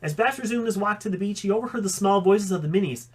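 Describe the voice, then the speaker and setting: A man's voice: sits high, quick pace. A man reading a fan story aloud, with occasional slips that he corrects. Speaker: audiobook reader.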